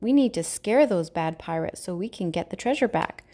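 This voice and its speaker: A woman's voice: lowish voice, animated, moderate pace, mellow. A woman voicing a cheerful, brave young girl explorer in a storybook reading, eager and exclaiming.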